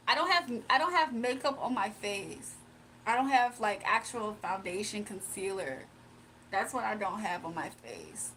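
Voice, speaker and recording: A woman's voice: on the high side, fairly bright tone, slight background noise. A young woman on a livestream, reading viewer comments aloud and answering them bluntly and confrontationally. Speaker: livestreamer giving spiritual readings.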